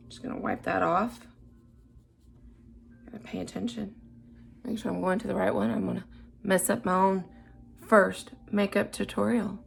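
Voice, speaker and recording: A woman filming her first makeup tutorial, chatting casually and unsure of herself, dropping into soft murmurs while she concentrates on the brush work. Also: medium pitch, steady tone, normal speed, vocal fry, long pauses, a little hiss or hum. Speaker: beginner makeup vlogger.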